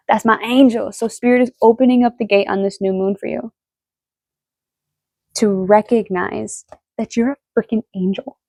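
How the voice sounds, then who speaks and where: A woman giving a casual tarot reading, excitable and emotional, swearing freely as she talks. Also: mid-range voice, normal speed, vocal fry, pauses often, no echo. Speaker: tarot reader.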